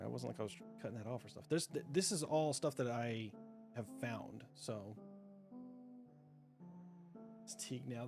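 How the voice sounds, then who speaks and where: Man, game master, casual rambling chat, mid pitch, clear music behind. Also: a little mellow. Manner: rambling, many restarts, laughs often. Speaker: dungeon master. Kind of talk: casual chat during a livestreamed game break. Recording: background music under the voice.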